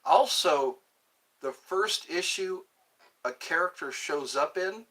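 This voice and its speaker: A man's voice: fairly high pitch, expressive, slow pace, bright, forceful tone. A man hosting a live stream, chatting casually and reading viewer comments, often stumbling and repeating words. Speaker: livestream host.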